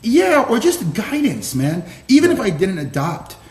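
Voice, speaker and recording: A former Marine officer, a man, telling stories as a guest in a casual interview, animated, laughing and swearing casually. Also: sits high, unhurried. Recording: roomy echo.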